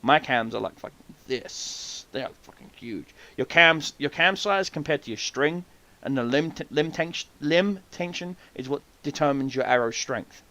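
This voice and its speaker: A man hosting a podcast, telling hunting stories in a casual, profane, animated way and acting out the people he quotes. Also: a little high, moderate pace. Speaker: podcast host. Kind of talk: casual storytelling chat.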